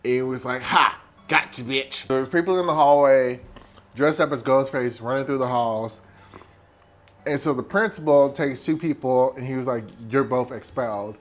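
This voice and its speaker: A tipsy man retelling a horror film as a comedy recap, animated and profane, jumping into quick impressions of the characters. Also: medium pitch. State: tipsy from wine. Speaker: host.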